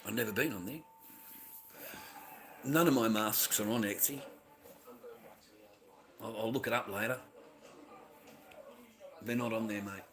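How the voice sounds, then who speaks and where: A man's voice: unhurried, long pauses. Foul-mouthed Australian man ranting. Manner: rambling, swears constantly, says mate after nearly every line; swings from low mumbles to loud, heated outbursts with laughs. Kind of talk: casual livestream rant.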